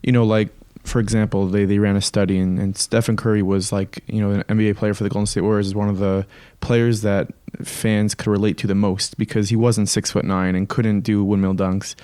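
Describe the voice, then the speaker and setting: Mellow-voiced male podcast host. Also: lowish voice, little pitch movement, brisk, few pauses, smooth, dry recording. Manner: hesitant, rambling questions with fillers. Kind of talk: casual interview questions.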